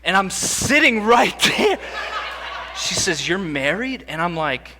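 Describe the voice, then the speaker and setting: A man's voice: high voice, big pitch swings, slow, bright, forceful tone, slight background noise. A young man giving a storytelling conference talk, conversational with self-deprecating humor, on a stage microphone in a large hall. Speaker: conference speaker. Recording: long hall reverb.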